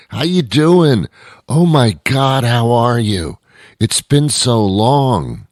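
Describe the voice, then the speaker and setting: A man with a lowish voice hosts a talk show, riffing in a sarcastic, rambling way and boasting in mock grandeur. Faint music sits quietly under him. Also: no room sound. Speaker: radio show host. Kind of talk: comedic talk-show monologue.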